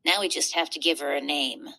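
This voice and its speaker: A woman's voice: deep voice, fairly even intonation, a little fast, vocal fry, sharp tone, voice pushed down, heavily acted. A woman reading a storybook aloud, voicing a friendly young girl who loves to draw, in an upbeat, easygoing way. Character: bold young girl, eager friendly artist.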